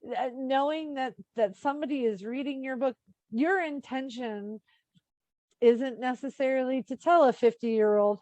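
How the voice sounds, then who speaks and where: A woman author in casual conversation, animated and quick to laugh as she gushes about readers. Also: sits high, no echo, lo-fi sound. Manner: animated, laughs often, gushing. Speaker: author guest. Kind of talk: casual chat.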